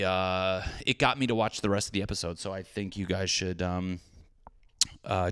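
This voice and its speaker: A man in his thirties hosting a solo comedy podcast from his hot apartment, animated and swearing with jokey asides. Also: low-pitched, no echo, studio quality. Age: 30s. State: sweating in a hot room. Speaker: podcast host. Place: small apartment with windows shut.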